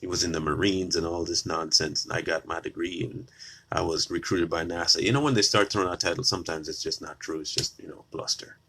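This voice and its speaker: A man's voice: low voice, fairly even intonation, a little fast, gravelly, bright, forceful tone, breathy edge. A man giving a combative opinion monologue straight to his viewers, repeating his lines for emphasis. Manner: combative, repetitive, addresses viewers directly. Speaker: political commentator.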